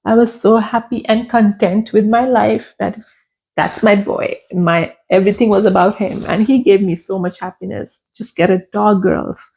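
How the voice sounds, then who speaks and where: A woman's voice: mid-range voice, steady tone, normal speed, creaky, darkish tone, husky. A young adult woman, a podcast guest, telling her personal story candidly and emotionally, repeating phrases for emphasis.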